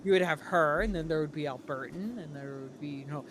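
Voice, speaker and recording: A man's voice: a little high, fairly quick, fairly bright tone. A man with a New England accent chatting casually on a livestream in a rambling way, often restarting his sentences. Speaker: streamer. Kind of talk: casual chat. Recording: noisy livestream audio.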